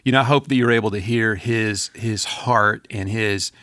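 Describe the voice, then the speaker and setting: A man co-hosting a podcast, chatting casually in a rambling, animated way with many restarts. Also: fairly low pitch, normal speed, no echo, clean studio sound. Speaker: podcast co-host.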